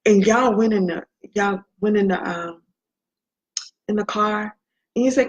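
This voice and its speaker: A woman's voice: fairly high pitch, fairly even intonation, normal speed. A woman giving an inspirational faith talk, speaking emphatically and repeating key phrases for effect. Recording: dull lo-fi recording.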